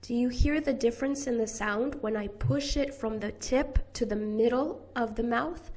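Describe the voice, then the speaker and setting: A woman with a General American accent teaching pronunciation, repeating each sound slowly and deliberately. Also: a little high, a little mellow. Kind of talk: slow, careful pronunciation lesson.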